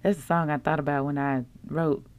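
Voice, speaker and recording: A woman's voice: sits low, fairly even intonation, fairly quick. A woman hosting a devotional podcast, preaching in a casual, folksy way and reading scripture aloud. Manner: casual, folksy, quotes scripture and acts out complaints. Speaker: podcast host.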